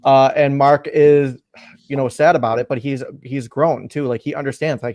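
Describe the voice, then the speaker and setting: A man hosting a podcast, recapping a comic issue in a rambling, animated way with lots of fillers. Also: medium pitch, normal speed, no echo, clean studio sound. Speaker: podcast host.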